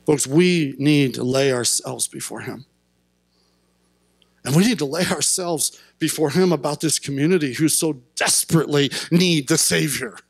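A male pastor delivering a sermon in a church sanctuary, his voice sitting high for a man. He preaches earnestly and climbs into fervent shouts at the peaks. The sound is close and dry, with little room around it. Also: moderate pace, vocal fry, husky, no echo. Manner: impassioned, rising to shouts at peaks.

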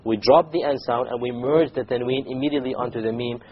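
A man teaching a recitation class, patiently repeating points, quizzing the students and slowly demonstrating words. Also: mid-range voice, dull audio, a little hiss or hum.

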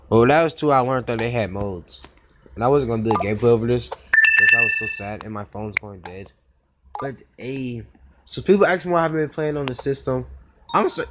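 A gaming YouTuber with a mid-range voice gives casual commentary over mobile gameplay, exclaiming and groaning with every attempt. Recorded on a phone, the clip has clear background noise and the clicks of tapping.

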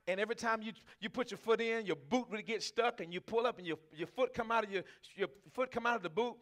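A man's voice: high voice, quick pace, fairly bright tone. A man preaching a sermon as pastor, talking conversationally, asking the congregation questions and laughing often. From Texas.

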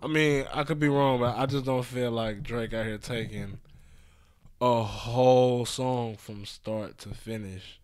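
A man's voice: medium pitch, fairly even intonation, measured pace, a little mellow, smooth, no echo. A man appearing as a guest rapper on a casual podcast, speaking hesitantly and then driving his points home emphatically. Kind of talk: casual chat.

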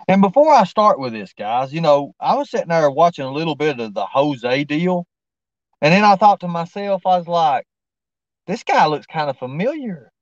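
A somewhat high, sing-song male voice at a moderate pace hosts a casual livestream, rambling in slangy, informal talk and murmuring to himself as he works the screen. The sound is dull and has no echo.

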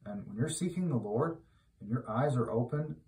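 A man giving an informal, conversational sermon who grows loud and emphatic when he exhorts. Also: medium pitch, animated, moderate pace. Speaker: preacher. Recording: roomy echo, mic at a distance.

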